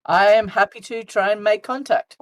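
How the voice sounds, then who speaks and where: A woman's voice: medium pitch, moderate pace, dry recording. A woman playing a tabletop game, hesitant and thinking aloud. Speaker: player. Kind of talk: casual tabletop play.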